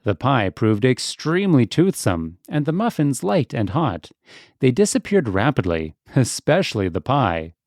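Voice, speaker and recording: A man reading a classic children's storybook aloud, with a lively, expressive pitch that rises and falls through each sentence. His voice sits at an ordinary middle pitch. The recording is close and dry, with no room sound. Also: unhurried, dry recording. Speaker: audiobook narrator. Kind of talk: children's audiobook narration.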